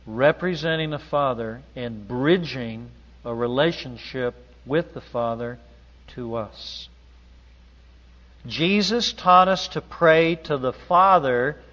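A man preaching a sermon in an emphatic, deliberate manner in a large church hall. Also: mid-range voice, a bit bright. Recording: dull audio with long hall reverb.

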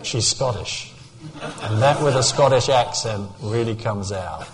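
A man's voice: on the low side, animated, measured pace, crowd noise. An older man from England preaching a sermon, telling personal stories and rising to fervent peaks.

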